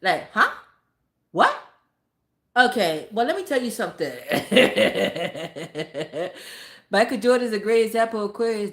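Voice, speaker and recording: A woman vlogger ranting bluntly and profanely, in a casual, emphatic way. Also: medium pitch. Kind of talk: casual motivational rant. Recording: echoey room.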